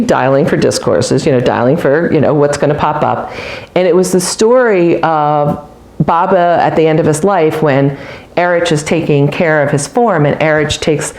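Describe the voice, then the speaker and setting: A woman's voice: sits low, a little mellow. A middle-aged woman telling a personal spiritual story in a candid, self-mocking way, slipping into quoted asides. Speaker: storyteller sharing a spiritual testimony. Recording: roomy echoey recording.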